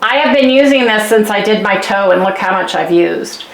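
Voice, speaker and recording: A woman's voice: medium pitch, lively intonation, a little fast. A woman vlogging in a chatty, rambling way, ranting casually to her viewers. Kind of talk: casual vlog rant. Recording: echoey room.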